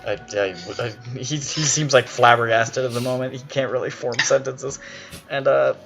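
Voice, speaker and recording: A man narrating as game master of a tabletop horror game, halting and full of fillers. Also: mid-range voice, flat delivery, vocal fry, a bit bright, faint music behind. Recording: dull lo-fi recording.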